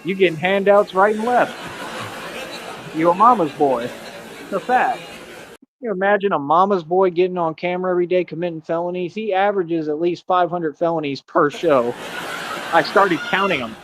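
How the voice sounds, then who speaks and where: A man on a livestream, bragging loudly and mocking rivals in a loose, rambling way. His voice sits a little higher than most men's, and his speech is full of fillers. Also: moderate pace, slight background noise. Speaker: streamer. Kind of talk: livestream rant.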